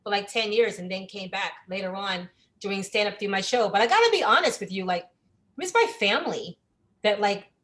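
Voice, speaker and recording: A woman's voice: mid-range voice, lively intonation, a little fast, a bit bright. A woman comedian on a talk show panel, telling stories in a slangy, laughing way. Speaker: comedian co-host. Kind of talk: casual panel chat.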